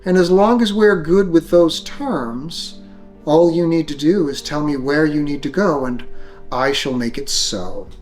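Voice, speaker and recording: An arrogant vampire noblewoman, as a man voices her at a tabletop game, drawls each word slowly with aristocratic disdain. Her tone sits a touch lower than the man's fairly high natural voice. Soft music runs faintly behind her. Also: natural voice. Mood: haughty. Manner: slow, haughty, condescending. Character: arrogant ancient vampire noblewoman ruling a castle.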